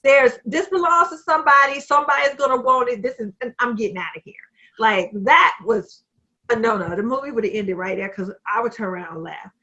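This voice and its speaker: Laughing easily, a woman co-hosts a podcast over a video call, chatting casually about a movie through her home computer mic. Her fairly high voice is quick, pushed, and bright, and the recording is muffled.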